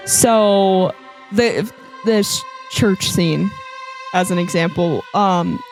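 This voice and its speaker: A woman's voice: lowish voice, slow pace, darkish tone, faint music behind. A woman co-hosting a podcast in casual chat, chatty and laughing often. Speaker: podcast co-host. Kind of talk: casual chat about a horror film.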